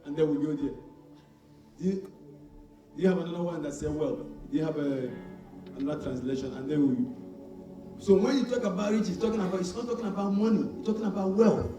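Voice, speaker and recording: High-pitched preacher man shouting in an echoey hall. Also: a little fast, pauses often. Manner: shouting call-and-response with the congregation. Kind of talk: sermon. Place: church hall. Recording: echoey church hall, mic far off, faint music.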